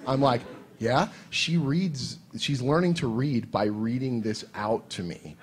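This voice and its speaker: A man's voice: mid-range voice, animated, normal speed, a little hiss or hum. A man sharing wry, joking stories on a convention panel, sometimes with casual swearing. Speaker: comic writer and panel co-host. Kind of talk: casual storytelling.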